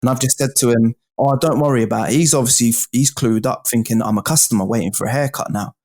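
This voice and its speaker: Brief: man, guest, excitable storyteller, mid-pitched voice, salty and direct. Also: fast talker. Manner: animated, swearing, addresses the host as bro and mate. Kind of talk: casual storytelling.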